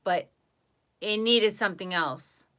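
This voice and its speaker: Chatting casually on a home live stream, a woman host speaks slowly at a medium pitch. She's animated and now and then slips into cooing baby talk at her dog.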